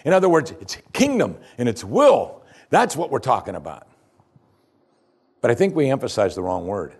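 A male pastor preaching with lively, swinging pitch. He fires off questions one after another, then drops to a low, quiet voice to drive a point home. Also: moderate pace, gravelly, breathy edge. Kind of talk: sermon.

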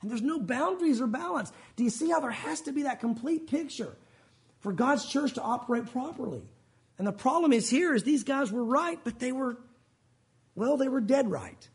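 A man's voice: very high-pitched, expressive, normal speed, husky. A male pastor preaching a sermon at a church service, earnest and emphatic, often asking his listeners rhetorical questions.

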